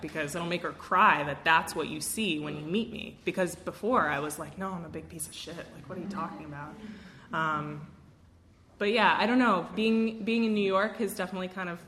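A woman's voice: fairly low pitch, moderate pace, a bit bright. A young woman sharing her own recovery story at a meeting, casual and self-mocking with lots of fillers. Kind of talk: candid personal talk to a meeting. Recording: roomy echo, faint room noise.

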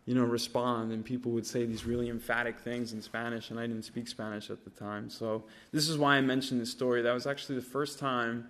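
A man's voice: medium pitch, flat delivery, fairly quick, hardly any pauses, a bit bright. A man in his thirties sharing his life story at a recovery meeting, rambling with lots of fillers and swearing. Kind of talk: casual personal storytelling.

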